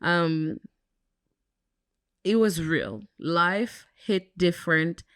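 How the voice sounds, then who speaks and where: A woman's voice: fairly low pitch, animated, drawn-out words, fairly bright tone, smooth, dry recording, studio quality. A young woman co-hosting a podcast, talking candidly and reflectively in casual chat, with plenty of "um" and "like.". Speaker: podcast co-host.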